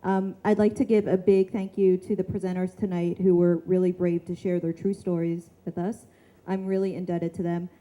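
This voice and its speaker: Relaxed woman host with halting ums. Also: on the low side, rough recording. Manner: casual, halting, many ums, light laughs. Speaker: event organizer and host. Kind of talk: closing announcements. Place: small shop venue with a live audience.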